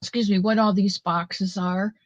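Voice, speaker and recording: A woman's voice: mid-range voice, steady tone, moderate pace, dry recording. A woman hosting a casual livestream, rambling and chatty with many fillers and greeting viewers by name, on a built-in mic with dull lo-fi audio. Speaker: livestream host.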